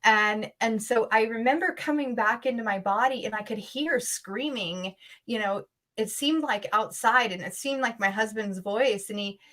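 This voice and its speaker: A woman's voice: a little high, moderate pace, sharp tone. A woman guest in an interview recounting a personal story earnestly and urgently, with frequent restarts. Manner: emotional, intense storytelling.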